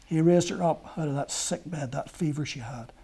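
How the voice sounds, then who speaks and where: A man with a high, husky voice preaches a sermon, building stories earnestly. His tone is mellow and warm rather than bright, and he swings from emphatic peaks down to near-whispers. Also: moderate pace. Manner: earnest storytelling, rising to emphatic peaks and dropping to hushed lines.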